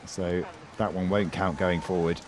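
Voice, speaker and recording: A man's voice: sits low, flat delivery, a little slow, darkish tone, slight background noise. A man doing sports commentary, calling out the scores and the gymnasts' names with a lift in his voice. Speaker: play-by-play commentator.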